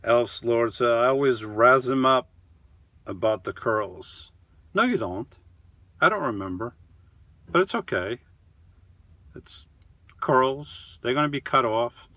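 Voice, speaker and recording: A man chatting on a live stream from inside his camper van. He talks at an unhurried, drawn-out pace, reading out viewer comments and replying to each in a relaxed, rambling way. The sound is close and dry, with no room echo. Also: mid-range voice. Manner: reads viewer comments aloud and answers them one by one; easygoing, chatty, with frequent trailing off. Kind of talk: casual live-stream chat.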